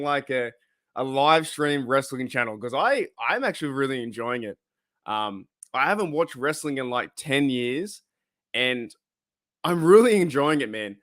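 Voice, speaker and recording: A man's voice: medium pitch, expressive, measured pace, fairly bright tone, dry recording, clean studio sound. A man with an Australian accent hosting a casual live stream, rambling with lots of fillers as he greets viewers in the chat. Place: his room at home.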